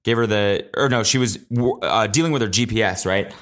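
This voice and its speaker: In a fairly low, fairly bright voice, a young man talks a little fast through his casual solo podcast monologue. As host, he rambles through profane, jokey stories and performs quotes in exaggerated voices.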